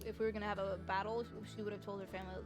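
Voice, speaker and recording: A woman's voice: mid-range voice, level tone, racing, music in the background. A woman streamer chatting casually with her viewers about her role-play character, swearing freely. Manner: chatty, swears, talks to chat.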